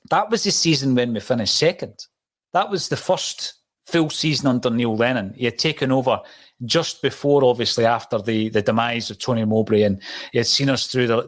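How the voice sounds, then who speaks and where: A man hosts a football podcast with a relaxed, chatty way of telling stories. His voice sits at an ordinary middle pitch. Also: fairly quick. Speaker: podcast host. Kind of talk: casual chat.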